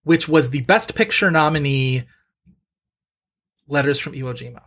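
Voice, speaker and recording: A man's voice: on the high side, normal speed, a bit bright. A man with a slightly raised voice quizzes his co-host about movies. He talks in a chatty, rambling way, full of little fillers. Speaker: podcast co-host and quizmaster. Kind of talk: casual movie quiz chat.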